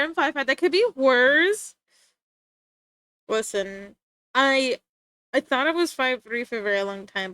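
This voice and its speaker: Young female streamer, giggly and mock-tough, high pitch, dry home mic. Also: fairly bright tone, clean tone, no echo. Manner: playful, giggly, mock-threatening. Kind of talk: casual live-stream chat.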